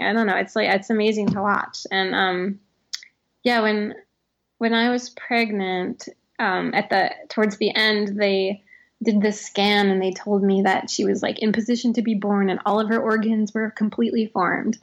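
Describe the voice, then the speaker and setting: A woman's voice: mid-range voice, flat delivery, normal speed, vocal fry, muffled recording. A woman in her thirties, an author being interviewed, talking reflectively with many "like"s and restarts, often laughing. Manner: heavy use of "like", frequent restarts, laughs often. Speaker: author guest.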